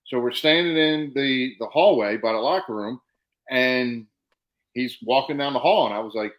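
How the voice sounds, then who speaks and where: A middle-aged man co-hosting a casual podcast, telling stories with lively acted-out quotes. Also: medium pitch, moderate pace, low-quality recording. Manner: animated storyteller, acts out quotes. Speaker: podcast co-host, former wrestler. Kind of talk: casual chat and storytelling.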